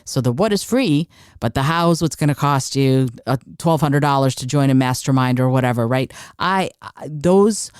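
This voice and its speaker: A woman's voice: very deep voice, expressive, normal speed, a little mellow, clean tone, dry recording, studio quality. A woman hosting a solo podcast, talking emphatically and repeating phrases to drive her points home. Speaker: podcast host.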